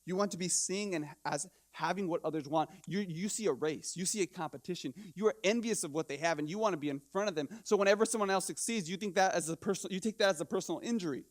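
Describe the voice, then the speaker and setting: A man preaching in church with a high, lifted voice. He talks to the congregation in a lively, conversational way, throwing out rhetorical questions and tripping over quick restarts as his energy climbs. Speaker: pastor. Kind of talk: sermon.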